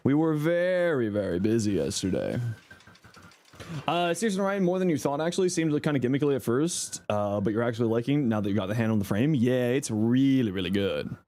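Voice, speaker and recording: A man streaming a game, chatting casually and playfully with viewers, a bit sleepy and slightly hoarse. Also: medium pitch, sing-song, brisk, darkish tone. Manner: playful, greeting viewers one by one; sleepy, laid-back. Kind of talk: casual live-stream chat.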